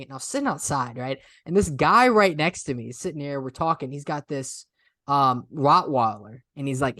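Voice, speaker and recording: A man's voice: on the high side, a bit bright, dry recording. A young man co-hosting a casual podcast, talking in loose, rambling bursts full of filler words. His voice sits close and dry, with no room sound around it. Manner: rambling, lots of filler "I mean" and "literally". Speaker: podcast co-host. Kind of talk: casual chat.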